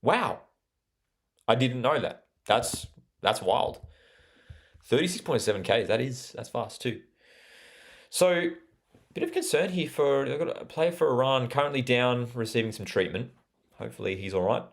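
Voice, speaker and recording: A young Australian man hosts a live football watchalong, chatting casually and reading out viewer comments from the live chat, using plenty of fillers. His voice is medium-pitched at a normal speed.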